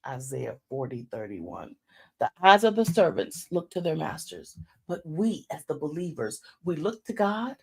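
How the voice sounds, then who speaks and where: A woman in her fifties hosting a faith talk show, preaching in a casual, folksy way and dropping into hushed asides. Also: low-pitched, big pitch swings, normal speed, vocal fry, slightly rough. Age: 50s.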